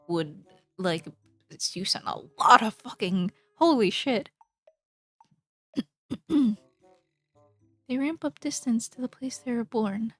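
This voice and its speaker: A woman's voice: mid-range voice, no echo. A woman streaming while she draws, chatting casually and playfully with her chat, rambling, laughing often and swearing now and then.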